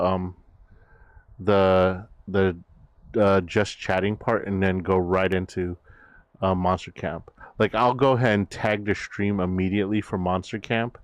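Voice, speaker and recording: Low, slow-talking male streamer. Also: steady tone, smooth, no room sound. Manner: rambling, many fillers and restarts. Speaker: VTuber streamer. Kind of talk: casual stream chat.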